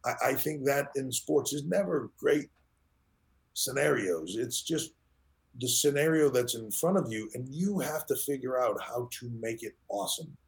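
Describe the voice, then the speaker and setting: A man's voice: mid-range voice, expressive, moderate pace, gravelly. A middle-aged man talking as a podcast guest, telling stories and acting out the dialogue he quotes. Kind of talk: conversational storytelling in an interview.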